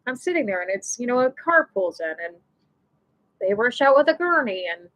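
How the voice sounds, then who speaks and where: Woman, high-pitched, rambling emotional storyteller, live show host. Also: big pitch swings, moderate pace, a bit bright, low-quality recording. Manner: rambling and emotional, heavy with "you know" and restarts. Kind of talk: personal storytelling.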